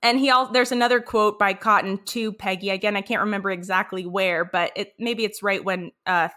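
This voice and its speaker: A woman's voice: mid-range voice, steady tone, a little fast, bright, forceful tone. A woman co-hosting a podcast, chatting casually and reacting with exclamations. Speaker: podcast co-host. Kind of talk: casual chat.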